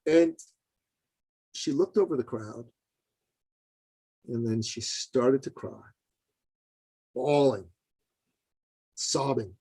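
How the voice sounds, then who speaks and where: A man's voice: drawn-out words, long pauses, slightly rough, dry recording, poor audio. A man in a podcast interview tells his story with real animation, his voice leaping upward whenever he stresses a point. He sounds earnest and direct, calling the host brother. The recording is close and dry, with almost no room sound. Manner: animated, voice jumps high for emphasis. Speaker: podcast guest, business consultant.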